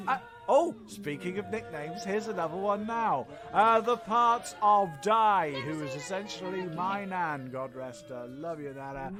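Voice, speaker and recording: A man's voice: sits high, slow pace, few pauses, over music. A man hosting and narrating a comedy history podcast in a playful, jokey, theatrical way. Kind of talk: comic narration and credits.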